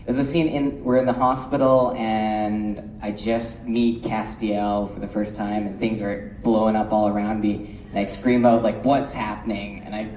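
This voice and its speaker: A young man, an actor on a convention panel, telling an excitable story about his first week on set. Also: lowish voice, moderate pace, recorded from a distance, slight background noise. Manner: animated storytelling with laughs. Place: large convention hall. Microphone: handheld mic. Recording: echoey hall, mic from afar.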